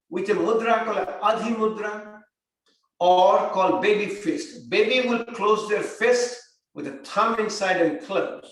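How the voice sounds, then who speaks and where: An older man teaching yoga therapy, giving calm guided instruction and repeating breathing cues. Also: sits high. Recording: very echoey room, mic far off.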